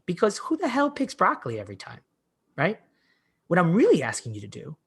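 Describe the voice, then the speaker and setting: Animated man telling coaching stories. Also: on the high side, husky. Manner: animated storyteller, heavy use of "like", frequent restarts. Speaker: fitness coach, podcast guest. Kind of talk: casual conversational storytelling.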